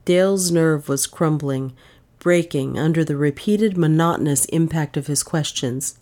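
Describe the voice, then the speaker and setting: A woman reading a mystery novel aloud in measured, dramatic narration. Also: low voice, dark tone. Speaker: audiobook narrator.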